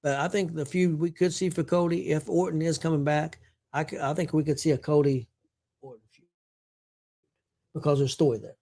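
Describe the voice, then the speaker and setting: A man's voice: fairly high pitch, steady tone, normal speed, pauses often, mellow. A man hosting a casual sports talk show, rambling with fillers and self-corrections. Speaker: show host.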